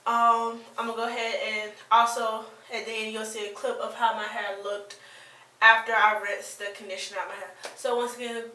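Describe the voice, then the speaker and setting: A woman's voice: on the high side, flat delivery, normal speed, bright, forceful tone, recorded from a distance. Chatty woman reviewing, roomy and off-mic. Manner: chatty, rambling, with many fillers and restarts. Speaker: beauty vlogger. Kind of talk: casual product review.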